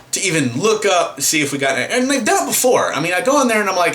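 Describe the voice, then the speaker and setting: A man's voice: high voice, sing-song, fast talker, few pauses, a bit bright. A man ranting to camera in a vlog, exasperated and profane, full of fillers and restarts. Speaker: vlogger.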